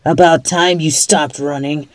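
In an audio role-play, a woman voices a cocky, mean female bunny villain who taunts, mocks, and swears a lot. Her voice is deep and steady, and she speaks unhurriedly. The recording is dry.

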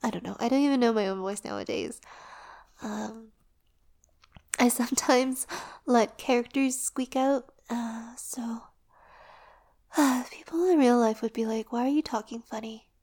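A woman rambling casually in a relaxed, sleepy way while lying down, her voice soft and often dropping to a whisper. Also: fairly high pitch, unhurried, long pauses. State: drowsy, lying down. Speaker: audio performer and creator.

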